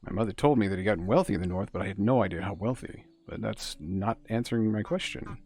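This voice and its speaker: A man's voice: fairly low pitch, fast talker, darkish tone, slightly rough. A man voicing an earnest young male traveler, reading game dialogue aloud in an emphatic way.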